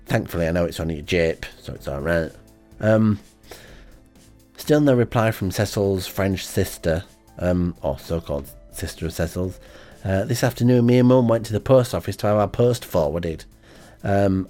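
A man hosting an amateur radio show in a rambling, hesitant, deadpan comic monologue full of ums. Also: low-pitched.

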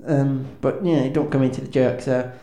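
A man's voice: medium pitch, fairly even intonation, moderate pace, dark tone. Awkward rambling man, echoey room. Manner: awkward, self-deprecating, hesitant with many ums and restarts. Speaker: comedic frontman of a band. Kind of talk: rambling stand-up patter. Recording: echoey room with faint ambience.

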